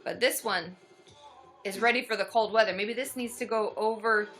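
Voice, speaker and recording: A young woman chatting excitedly to her viewers while opening fan mail, often squealing with delight. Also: medium pitch, normal speed, faint music behind. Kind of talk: casual livestream chat.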